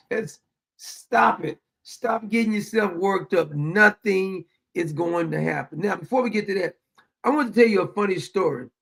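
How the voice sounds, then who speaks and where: High-pitched gravelly man, animated storyteller. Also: a little slow. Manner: animated storytelling, laughing often. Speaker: show host. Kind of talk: casual monologue.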